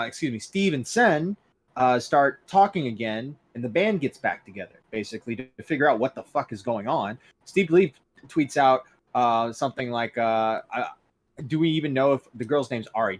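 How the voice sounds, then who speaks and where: This podcast co-host has a mid-range, animated voice and talks at an ordinary speed. He rambles through a recap of online drama, cursing freely, restarting sentences and leaning on plenty of fillers.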